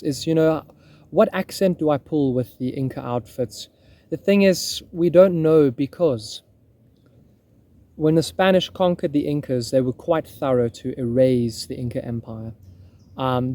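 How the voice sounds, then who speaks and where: A man's voice: medium pitch, dark tone. A man reenacting history, explaining in casual talk and often breaking off to restart his thoughts. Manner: musing, self-interrupting.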